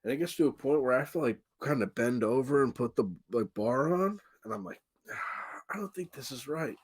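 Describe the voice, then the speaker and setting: Animated, profane podcast storyteller man. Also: medium pitch, moderate pace. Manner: animated, profane, acts out quotes. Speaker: podcast co-host. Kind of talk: casual storytelling chat.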